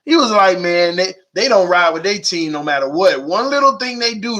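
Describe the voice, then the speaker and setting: A young man hosting a casual live sports-talk stream, slangy and animated, reading the chat aloud and urging viewers to hit like. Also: sits high, normal speed, hardly any pauses.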